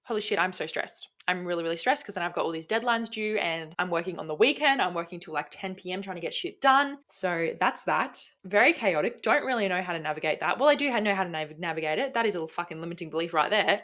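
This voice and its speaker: A woman's voice: mid-range voice, a bit bright. A woman hosting her own podcast alone, talking casually and energetically, swearing freely as she gives motivational tough-love advice. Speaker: podcast host. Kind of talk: casual solo podcast talk.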